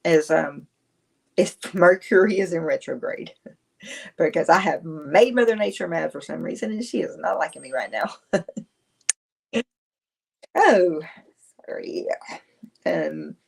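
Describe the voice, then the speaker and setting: A woman's voice: fairly low pitch, sing-song, a little slow, vocal fry, pauses often, breathy edge. A woman, chatting casually on a livestream, rambling, answering viewers and laughing often. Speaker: livestream host.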